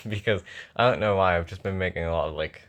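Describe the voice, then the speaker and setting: Deep-voiced young man with a sore throat. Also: a little fast, a bit bright. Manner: rambling, self-mocking, thinking aloud. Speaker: songwriter. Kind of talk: casual chat while writing a song. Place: at home.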